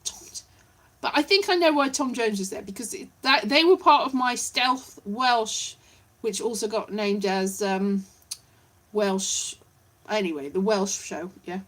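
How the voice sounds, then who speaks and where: A woman's voice: mid-range voice, a little slow, fairly bright tone. A woman rambling in a scatterbrained, chatty way while greeting viewers on a casual live stream. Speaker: livestreamer.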